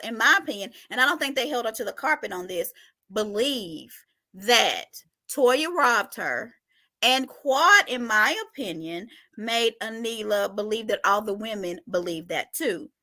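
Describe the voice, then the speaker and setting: A woman's voice: a little high, animated, normal speed, pushed and bright. A woman co-hosting a casual reality TV recap chat, asking questions and giving blunt opinions. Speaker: recap show co-host.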